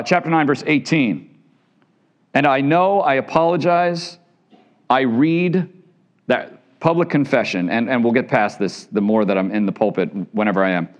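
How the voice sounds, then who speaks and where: A man preaching a sermon, emphatic and dramatic, repeating key phrases and questioning his listeners. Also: fairly high pitch. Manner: emphatic, rising and falling dramatically.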